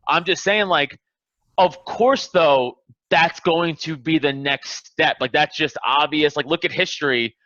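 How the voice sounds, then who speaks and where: A man's voice: fairly high pitch, a little slow, sharp tone, no room sound, muffled recording. A man hosting a casual podcast chat, ranting in a heated, profane, emphatic way. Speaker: podcast host.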